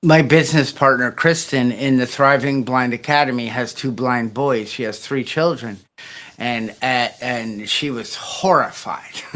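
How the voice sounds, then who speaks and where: A podcast host telling an animated story in casual conversation, laughing easily. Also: medium pitch.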